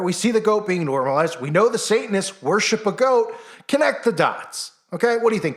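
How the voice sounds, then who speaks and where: Male vlog host, higher-pitched voice, heated sarcastic rant full of mocking questions. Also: fairly bright tone. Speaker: channel host. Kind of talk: ranting commentary vlog.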